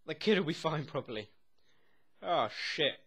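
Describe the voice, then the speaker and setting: Excitable swearing man reacting. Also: a little high, takes it slowly, husky. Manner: excitable, swears constantly, laughs often. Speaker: TV episode reactor. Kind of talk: live reaction commentary.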